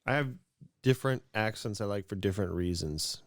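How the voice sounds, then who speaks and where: Low-voiced man musing in podcast chat. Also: fairly quick, no room sound, studio quality. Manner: musing, self-deprecating, trails off and restarts. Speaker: podcast co-host. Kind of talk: casual chat.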